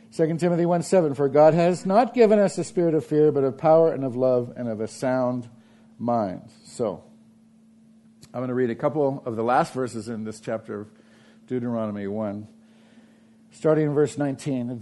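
A man preaching a sermon in a church, emphatic and repeating phrases, swinging between loud and soft delivery. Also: mid-range voice, moderate pace. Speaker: pastor.

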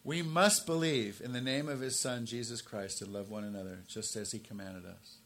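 A man in his sixties preaching a sermon as pastor, swinging from emphatic, raised stresses down to low, quiet asides. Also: fairly even intonation, moderate pace, a little hiss or hum. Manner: emphatic, rises to forceful stresses then drops low and quiet.

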